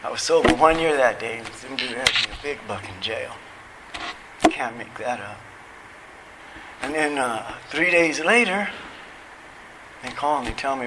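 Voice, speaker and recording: A man's voice: mid-range voice, animated, moderate pace, long pauses, background noise. A middle-aged man giving a recovery testimony at a convention, telling it casually, acting out quoted dialogue and chuckling at his own stories.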